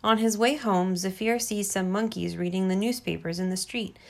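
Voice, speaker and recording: A woman reading a storybook aloud to her child, gentle and expressive. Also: mid-range voice, moderate pace, vocal fry, background noise.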